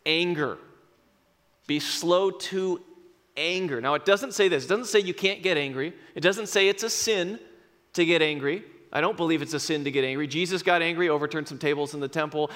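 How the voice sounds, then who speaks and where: A male pastor preaching a sermon in a conversational, self-deprecating way, slowing down for emphatic phrases. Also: fairly high pitch, pushed and bright. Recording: long reverb in a large hall.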